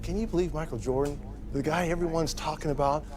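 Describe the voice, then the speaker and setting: A man, a former player, telling a self-mocking anecdote in an animated way. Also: fairly high pitch, fast talker. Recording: crowd and noise in the background.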